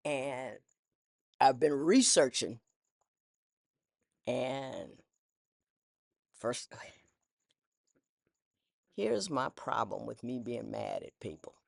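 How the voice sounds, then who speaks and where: In a bass voice that is expressive, very slow and darkish with vocal fry and long pauses, a woman who used to be a judge shares personal reflections. She speaks candidly and casually, rambling, restarting and using folksy turns of phrase. It's a studio-quality recording with no echo.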